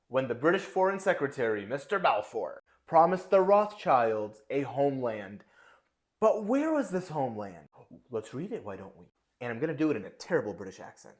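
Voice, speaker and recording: A man giving casual commentary, reacting with sarcastic, wry asides. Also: mid-range voice.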